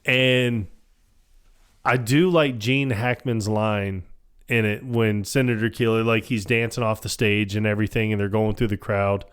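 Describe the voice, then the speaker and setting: A man's voice: fairly low pitch, a little slow, smooth. A man co-hosting a podcast, retelling movie scenes in casual chat and acting out the characters' lines with bursts of laughter. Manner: animated retelling, acts out film quotes with laughs. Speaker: podcast co-host. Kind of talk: casual chat recapping a film.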